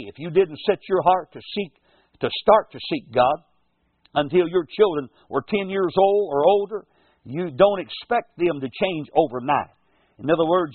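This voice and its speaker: Animated preacher on tinny old radio. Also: male voice, on the high side, no echo. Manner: folksy preaching, animated, quotes scripture slowly. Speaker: radio pastor and show host. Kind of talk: radio sermon. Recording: tinny, husky lo-fi radio broadcast.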